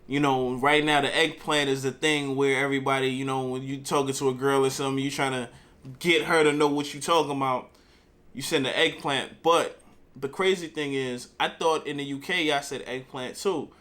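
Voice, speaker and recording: A man's voice: medium pitch, steady tone, normal speed, fairly bright tone. A man with a New York accent hosting a reaction video, talking loosely in street slang and speaking straight to his viewers. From Harlem, New York. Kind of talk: casual reaction commentary.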